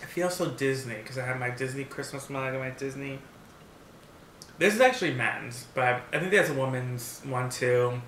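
A man with a bright, forceful voice eats on camera and tells a story in an animated, blunt way, swearing freely. His sound bounces around an echoey room over a faint hiss. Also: medium pitch, moderate pace. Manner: animated, talks while eating; blunt and profane. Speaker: vlogger. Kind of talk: mukbang story time.

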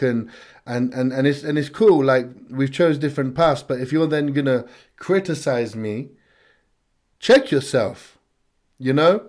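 A man hosting a music reaction video, talking casually in slang with excited bursts of hype. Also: medium pitch, a little slow. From United Kingdom.

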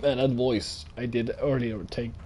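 A man giving casual, excitable gameplay commentary, thinking aloud and swearing often, his throat a little strained. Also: medium pitch, measured pace, a little hiss or hum. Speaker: gaming let's-player.

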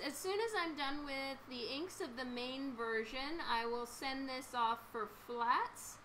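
A woman artist chatting casually with her live-stream viewers while she draws, laughing often, her voice a little hoarse. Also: high voice, sharp tone, slight background noise, low-quality recording. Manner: chatty, laughs often, reads and answers chat. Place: home studio with a fan running.

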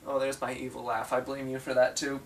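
A young man talks to the camera in a playful comedy vlog, bickering with an imagined double and sometimes pitching his voice up. His voice sits at an ordinary pitch. The mic is set back from him, with faint noise behind. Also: monotone, fairly quick, recorded from a distance. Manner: playful, bickering with himself, jumps into higher voices. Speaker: vlogger.

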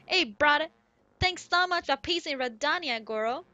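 A woman reading game lines as a boisterous male rock-creature miner, putting on a loud, mock-gruff attempt at an Irish accent. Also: sits high, animated, a little slow, heavily acted. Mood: hearty. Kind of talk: reading game dialogue aloud in a put-on voice.

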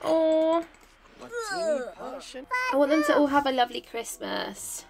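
High-voiced, bubbly English woman. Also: brisk, creaky, loud music behind the voice. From England. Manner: chatty and excitable, coaxing her game characters. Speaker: gaming YouTuber. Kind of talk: casual let's-play commentary. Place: home, top-floor flat.

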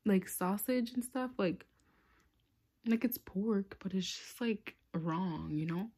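A young woman, telling a casual storytime in a vlog, animated and laughing, sometimes dropping to a whisper. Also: medium pitch, slow pace, husky. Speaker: vlogger.

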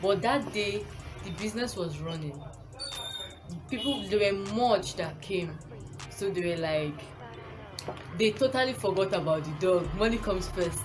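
A woman's voice: medium pitch, moderate pace. A young woman with a Nigerian accent, telling a storytime as a vlogger, rambling and correcting herself, with frequent laughs. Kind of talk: casual storytime. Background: background music.

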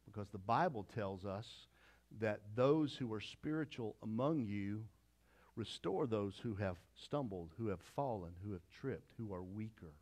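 A man's voice: fairly low pitch, lively intonation, measured pace, darkish tone. A middle-aged pastor preaching a conversational sermon with repeated phrases and asides to his congregation.

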